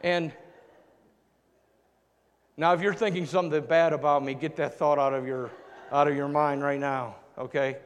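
Man preaching, high voice, goes loud then real quiet, big echoey hall. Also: fairly even intonation, moderate pace, pauses often, slight background noise. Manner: swings from loud emphatic lines to hushed low ones. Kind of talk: sermon. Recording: long reverb of a large hall.

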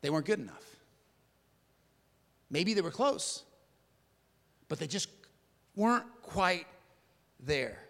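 High-voiced preacher in an echoing hall. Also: male voice, big pitch swings, slow, long pauses. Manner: dramatic, shifting from emphatic to hushed. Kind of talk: sermon.

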